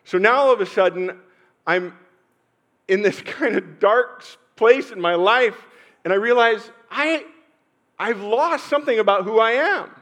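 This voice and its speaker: Slightly high-voiced middle-aged male pastor preaching. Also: animated. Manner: personal storytelling with pauses and sudden swells in loudness. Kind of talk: sermon.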